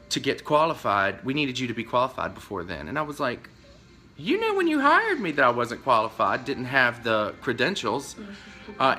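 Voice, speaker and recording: Bright-voiced man ranting about his job. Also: a little hiss or hum. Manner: rambling, acts out both sides of a conversation; emotional, pitch jumps up when upset. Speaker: vlogger telling of being fired. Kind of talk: casual storytelling rant.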